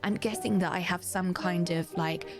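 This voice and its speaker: A woman's voice: lowish voice, steady tone, moderate pace. A young adult woman playing a tabletop game, talking in a chatty, giggly, rambling way. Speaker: player. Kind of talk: tabletop role-play chat. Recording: clear music in background.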